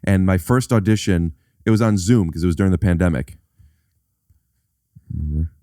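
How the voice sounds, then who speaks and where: A man talking as a comedian guest on a podcast in casual chat, telling stories in an animated way and acting out the people in them. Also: deep voice, moderate pace, no room sound, studio quality. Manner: animated storyteller, acts out the people in his stories.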